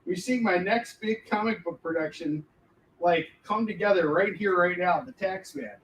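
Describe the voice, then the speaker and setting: This man, a comic book artist, sits fairly high in pitch with a fairly bright tone and a moderate pace. Joking and rambling, he laughs a lot during a relaxed livestream Q&A. Faint background noise comes through the distant mic.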